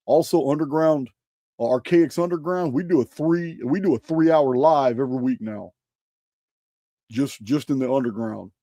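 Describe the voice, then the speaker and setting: Excitable man hosting a livestream, dark tone. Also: medium pitch, normal speed, no room sound, clean studio sound. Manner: excitable, stumbles and repeats words. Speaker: livestream host. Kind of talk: casual livestream chat.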